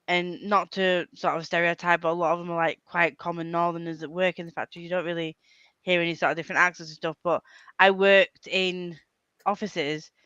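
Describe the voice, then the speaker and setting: A woman with a Yorkshire accent chatting casually on a video call with friends, telling quick stories and laughing often. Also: on the low side, level tone, fairly bright tone, clear, resonant tone, dry recording, highs cut off. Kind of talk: casual chat.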